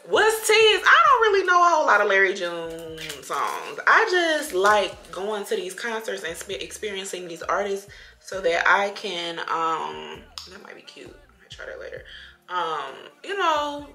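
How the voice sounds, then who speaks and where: A woman's voice: mid-range voice, big pitch swings, normal speed, pushed and bright. Tipsy woman chatting in a roomy room. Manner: chatty, playful, talks to viewers as y'all. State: a little tipsy. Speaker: beauty vlogger. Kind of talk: casual get-ready-with-me chat. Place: home room while doing makeup. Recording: roomy room with music playing behind.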